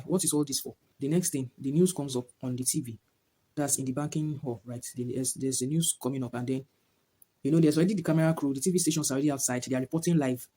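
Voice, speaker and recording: Fast-talking man rambling through a movie recap. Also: on the high side, warm tone, husky. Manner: rambling retelling full of "like" and "whatnot". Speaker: movie reviewer. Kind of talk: casual movie plot recap to camera.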